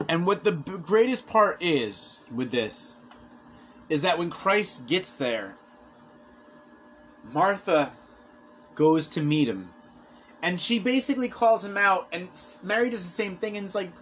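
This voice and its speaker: A man's voice: high voice, animated, a little slow, pauses often, a bit bright, slight background noise. A man preaching a conversational sermon, earnestly retelling a scripture story with quoted asides.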